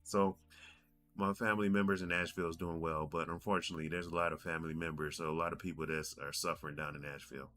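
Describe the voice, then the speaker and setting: A man's voice: low voice, flat delivery, fast, sharp tone, soft background music. A man in his forties telling a rambling story on his gaming podcast, doubling back and repeating himself as he goes. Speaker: podcast host. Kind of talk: casual podcast monologue.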